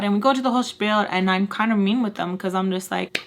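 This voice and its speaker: A young woman vlogger telling a personal storytime, frank and animated, acting out the people she quotes. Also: mid-range voice, quick pace, gravelly, hardly any pauses. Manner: animated, acts out quoted voices, frank and salty. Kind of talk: casual storytelling.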